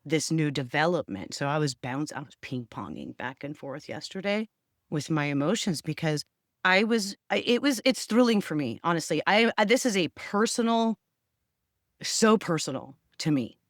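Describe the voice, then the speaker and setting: A woman's voice: low-pitched, expressive, moderate pace, dry recording, studio quality. A middle-aged woman, a radio personality and therapist, talking candidly and emotionally in a personal vlog. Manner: emotional, candid, tearful at times.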